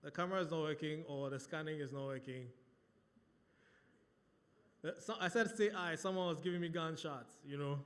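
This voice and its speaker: A Ghanaian man works the room as MC at a launch event, playful and full of questions for the crowd. His voice sits fairly high. It rings out with the long reverb of a large hall. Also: normal speed, pauses often, a bit bright. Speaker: master of ceremonies. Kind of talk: live event hosting.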